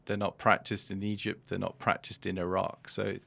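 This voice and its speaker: A man's voice: low voice, little pitch movement, moderate pace, gravelly, bright, forceful tone, no echo. A man being interviewed as an author, talking casually and hesitantly, with many restarts and fillers. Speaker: author and guest.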